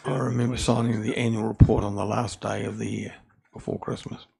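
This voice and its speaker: A man from New Zealand, the mayor, chairing a council meeting and briskly calling votes. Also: lowish voice, level tone, gravelly, dark tone. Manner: brisk procedural, calls votes. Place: council chamber.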